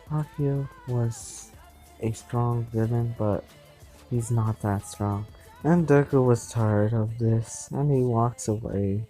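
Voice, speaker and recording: Slow, halting man telling a fan story. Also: medium pitch, mellow, rough recording. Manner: halting, with restarts and repeated words. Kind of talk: improvised fan-fiction narration.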